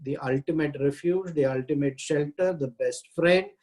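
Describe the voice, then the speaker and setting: A man teaching a scripture class, reciting Sanskrit verses and translating them with many halting pauses. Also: on the high side, a little mellow, poor audio. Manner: halting, frequent "uh" pauses while explaining.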